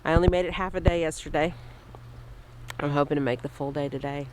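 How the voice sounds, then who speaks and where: A middle-aged woman, sick and hoarse, chatting in a rambling way with frequent laughs while feeding chickens outdoors. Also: low-pitched, steady tone, darkish tone, rough recording. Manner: slow, rambling, laughs often. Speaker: vlogger. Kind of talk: casual vlog chat. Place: outdoors in a snowy yard with chickens. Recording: outdoor background noise. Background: outdoor ambience with animals.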